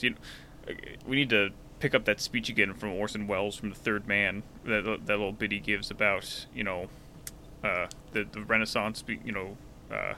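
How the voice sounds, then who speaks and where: Podcast co-host, male, bright and forthright, rambling restarts, light noise floor. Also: fairly low pitch. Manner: thoughtful, with many restarts and fillers. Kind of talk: casual film discussion.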